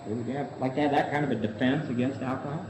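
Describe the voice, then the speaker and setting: A man's voice: mid-range voice, steady tone, fast talker, dull audio, background noise. A man leading a recovery book study in a meeting room. He asks the group question after question, answers them himself, and keeps saying "see.". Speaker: study leader. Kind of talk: Big Book study lecture. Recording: echoey room recording.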